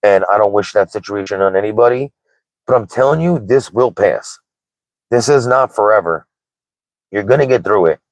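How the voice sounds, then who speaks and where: A man's voice: lowish voice, expressive, moderate pace, dry recording, rough recording. A man in his thirties hosting a casual livestream chat, candid and rambling, with lots of "like" and "right?". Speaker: livestream host.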